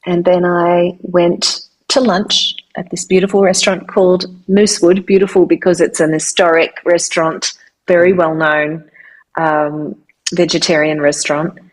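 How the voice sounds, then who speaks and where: A middle-aged woman with an Australian accent, a voiceover artist and singer-songwriter, telling her story in a lively, animated interview. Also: fairly low pitch, moderate pace. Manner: animated, lively retelling of anecdotes.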